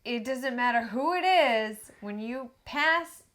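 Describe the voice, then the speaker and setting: A young adult woman co-hosting a casual podcast, blunt and teasing, jumping in with quick remarks. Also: a little high, expressive, a bit bright. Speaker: podcast co-host. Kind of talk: casual chat.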